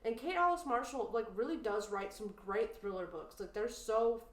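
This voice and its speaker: A woman's voice: a little high, normal speed, recorded from a distance. A woman co-hosting a casual podcast chat, telling stories with lots of "like" fillers and getting worked up. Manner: animated, indignant storytelling with many "like" fillers. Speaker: podcast co-host. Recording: roomy, from off-mic.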